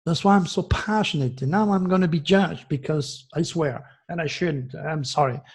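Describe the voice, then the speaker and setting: Older man, sixties, gravelly, husky, agitated preachy monologue. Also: a little high, moderate pace. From France. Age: 60s. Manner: agitated, preachy, swinging from loud to hushed. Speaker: astrologer host. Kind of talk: impassioned monologue.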